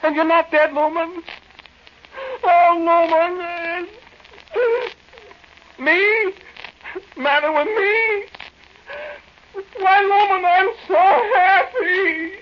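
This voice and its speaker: A man's voice: medium pitch, very animated, moderate pace, pauses often, natural voice. An actor playing a timid, flustered man who stammers nervously, in old-time radio drama style, on a dull lo-fi recording with faint hiss. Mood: frantic.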